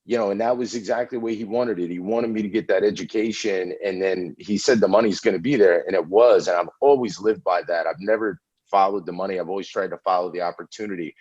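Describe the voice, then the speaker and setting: A middle-aged man from Indiana, a podcast guest telling animated stories about his past and often saying "man.". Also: low-pitched, fast, slightly rough, dry recording. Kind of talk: casual storytelling interview. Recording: dull lo-fi audio.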